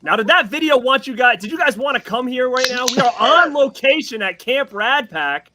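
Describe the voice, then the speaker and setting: A man hosting a live stream from outdoors at night, excitable and calling out shout-outs to the chat. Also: very high-pitched, moderate pace, noisy background. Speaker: host.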